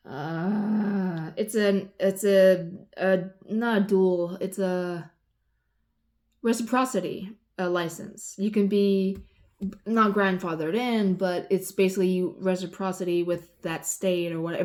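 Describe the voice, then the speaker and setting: Rambling, cursing woman ranting. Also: mid-range voice. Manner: rambling, profane, loses her train of thought; swings between loud exasperation and muttering. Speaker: vlogger. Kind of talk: casual rant.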